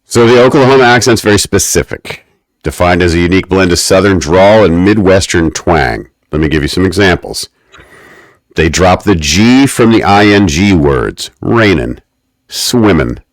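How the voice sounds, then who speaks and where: A man with a very low voice recaps a TV episode on a podcast, slipping into mock-academic rants. The sound is dry and close, with no room around it. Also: animated, normal speed, no echo. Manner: wry, mock-academic ranting. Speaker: podcast co-host. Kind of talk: casual podcast recap chat.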